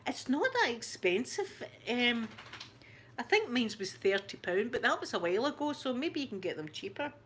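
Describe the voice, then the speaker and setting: Her voice runs on the high side with big pitch swings at a moderate pace as this ASMR host from Scotland casually rambles to viewers on her live stream, laughing often. A little hiss or hum can be heard.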